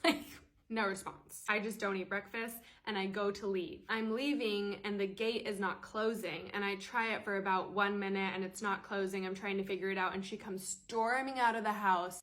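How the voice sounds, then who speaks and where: A woman in her late twenties telling a personal story in a casual, animated and exasperated way. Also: medium pitch. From United States. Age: late 20s. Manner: animated, exasperated, quick retelling. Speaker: storyteller vlogger.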